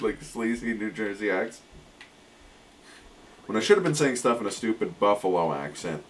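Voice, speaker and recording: A man's voice: lowish voice, expressive, normal speed, slight background noise. Joking male streamer, chatty and loose. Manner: joking, laughs often, slips into silly voices. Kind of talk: casual gameplay chat.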